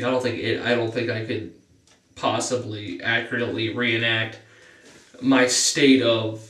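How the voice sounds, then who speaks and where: Far from the microphone in a room with lots of echo, a teenage guy vlogs a casual storytime monologue. He rambles, keeps saying "you know," has a stuffy nose, and his voice rises in pitch on the excited parts.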